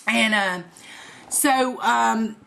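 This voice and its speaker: A woman's voice: a little high, extremely slow, gravelly, sharp tone. A woman in her forties telling a story in a casual, profane, laughing way to her viewers. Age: 40s. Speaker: vlogger.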